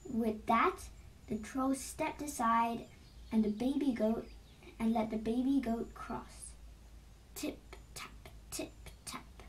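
A woman narrating an illustrated storybook in a slow, expressive read-aloud style, heard from a distant mic. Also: fairly high pitch, slight background noise.

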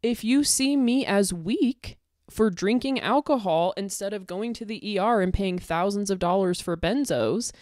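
A woman's voice: lowish voice, no room sound, clean studio sound. A young woman ranting angrily to camera, swearing and confronting an online critic. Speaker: content creator.

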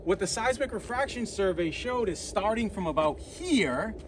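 Man, Boston accent, tour guide, animated, outdoors, fairly high voice, clear traffic noise. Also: normal speed. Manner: animated, persuasive, points things out on site. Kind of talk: walking tour explanation. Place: outdoors at an ancient site.

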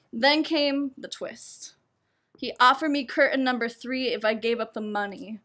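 A young woman tells a personal story for a live showcase. Her voice sits a touch high, and she keeps breaking into laughter as she pokes fun at herself. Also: a little slow. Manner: laughs often between lines, lively and self-mocking.

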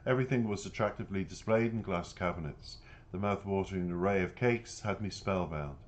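A man's voice: deep voice, brisk. A man reading his own novel aloud, narrating steadily in the first person. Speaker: author and narrator.

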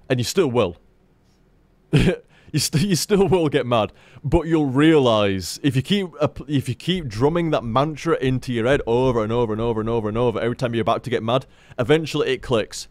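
A man chatting to his stream viewers in a frank, rambling way, with plenty of swearing and restarts. His voice sits at an average pitch and comes through a dry, close mic with no room sound. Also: brisk, darkish tone, no echo. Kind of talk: casual live-stream chat.

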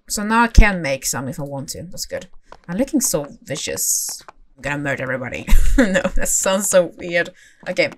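A young woman giving casual, excitable commentary as she plays a horse game, talking to herself and the horses with gasps and squeals. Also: lowish voice. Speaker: gaming channel host.

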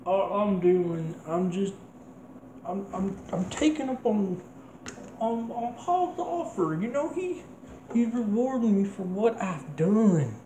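A man's voice: sits high, expressive, takes it slowly, dark tone, slight background noise. A man as a mumbling laid-back son. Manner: mumbling, stammering. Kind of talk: comedic sketch acting. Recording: roomy echo.

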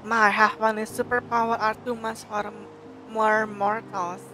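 A woman's voice: mid-range voice, flat delivery, moderate pace, sharp tone, faint music behind, close to an everyday voice. A woman reading the lines of a boastful, playful heavenly girl in a game, in a smug, teasing manner.

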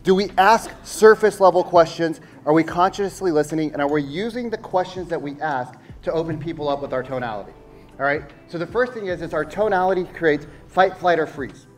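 A man giving a sales-training talk on stage, animated and rhetorical, firing questions at the audience. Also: on the high side, brisk, faint music behind. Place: stage before a live audience.

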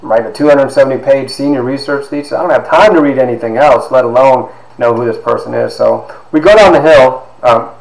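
A man, a university instructor, telling stories from his life to his class, lively and sometimes dropping into hushed asides. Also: medium pitch, a little fast, gravelly, reverberant, low-quality recording. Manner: animated storyteller, drops to hushed asides. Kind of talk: storytelling lecture to a class.

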